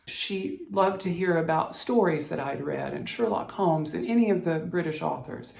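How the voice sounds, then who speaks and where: A middle-aged man from the southern United States telling a personal story to camera, emotional and halting, often choked up and restarting his sentences. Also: on the high side, creaky. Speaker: cross-stitch vlogger. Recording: echoey room, faint music behind.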